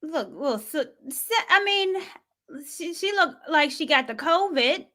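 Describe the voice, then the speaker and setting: A woman's voice: high-pitched, lively intonation, unhurried, pushed and bright. A woman hosting a show, giving sassy, casual commentary and talking back to clips. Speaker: host reacting to clips.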